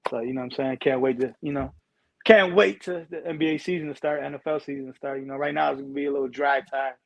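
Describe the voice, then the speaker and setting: A man's voice: medium pitch, fairly even intonation, fast talker, vocal fry, no echo. A man guesting on a casual sports chat, slangy and repeating himself often. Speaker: guest podcaster. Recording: dull lo-fi dry sound.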